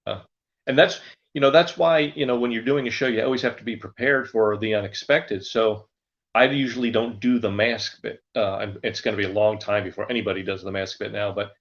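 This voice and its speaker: A man's voice: on the low side, fairly even intonation, a little fast, muffled recording. An older man who performs as a ventriloquist, telling rambling stories in a casual interview. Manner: rambling, anecdotal storyteller. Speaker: ventriloquist guest.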